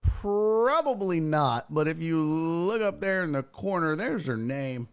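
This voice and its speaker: A man hosting a casual sports stream, his pitch leaping around as he talks. He rambles at an unhurried pace and keeps breaking off mid-sentence. His voice sits a little higher than most men's. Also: expressive, smooth. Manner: rambling, self-interrupting, exclaiming. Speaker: sports show host. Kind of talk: casual live-stream chat.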